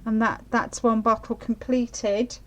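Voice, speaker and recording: Woman, middle-aged, live craft demo, chatty, apologetic, slow-paced. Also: a little high, level tone, poor audio. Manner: chatty, apologetic, keeps checking viewers can see. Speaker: craft demonstrator.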